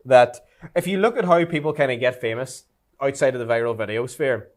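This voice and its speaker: A man's voice: mid-range voice, lively intonation, brisk. A young man, chatting casually as a podcast co-host, with dry remarks and easygoing agreement. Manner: laid-back, dry remarks, says "aye" a lot. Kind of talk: casual chat.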